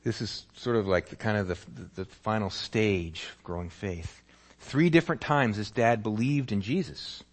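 A man's voice: lowish voice, normal speed. A male pastor preaching a sermon, telling a story vividly and acting out its scenes. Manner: animated storytelling, acts out scenes.

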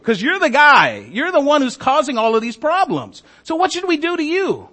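A man's voice: extremely high pitch, moderate pace, few pauses. A man preaching a sermon as a story, acting out the characters' lines and often asking the congregation "right?". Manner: animated, acts out voices, asks "right?".

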